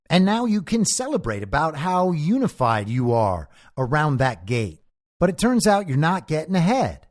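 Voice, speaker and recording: Hombre de comentario político enfático, voz animada. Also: male voice, fairly high pitch. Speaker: political commentary host. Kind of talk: solo commentary monologue.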